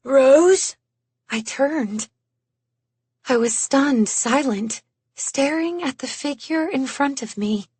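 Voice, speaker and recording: Slow, husky woman narrating an audiobook. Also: high-pitched, no room sound. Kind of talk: first-person audiobook narration.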